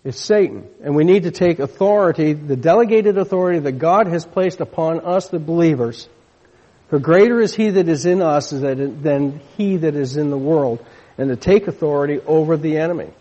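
Guy preaching a sermon, higher voice but mellow, lots of restarts, long echo, kinda dull lo-fi sound. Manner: conversational preaching with frequent restarts, asks congregation to repeat. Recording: dull lo-fi recording with long hall reverb.

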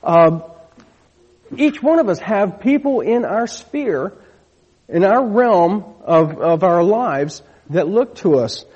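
Guy preaching a sermon, higher voice but mellow, lots of restarts, long echo, kinda dull lo-fi sound. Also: lively intonation, slow pace, breathy edge. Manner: conversational preaching with frequent restarts, asks congregation to repeat. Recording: dull lo-fi recording with long hall reverb.

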